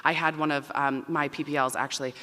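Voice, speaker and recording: Loud, fast-talking woman dean in a hall. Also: sits low. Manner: loud, emphatic and energetic. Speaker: dean of students. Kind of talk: welcome speech to families. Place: large performing arts auditorium. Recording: long reverb in a big hall.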